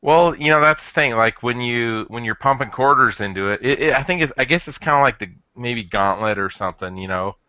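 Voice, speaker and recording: A man co-hosting a casual podcast chat, rambling and halting, restarting his sentences often. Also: mid-range voice, bright, forceful tone, clear, resonant tone. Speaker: podcast co-host. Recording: dull lo-fi dry audio.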